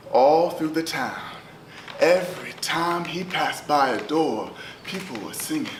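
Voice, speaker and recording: Male spoken word poet, rhythmic and chanting, from loud to hushed; roomy, far-off recording with background noise. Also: fairly high pitch, a little slow. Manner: rhythmic, chanting delivery swinging from loud calls to near whispers. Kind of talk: spoken word poetry performance. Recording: roomy echo, distant mic, steady ambient noise.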